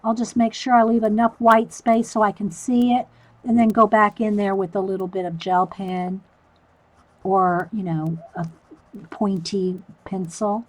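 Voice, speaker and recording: A woman's voice: medium pitch, level tone, a little slow, poor audio. A woman hosting a live stream, chatting casually through a coloring demo and answering viewer comments.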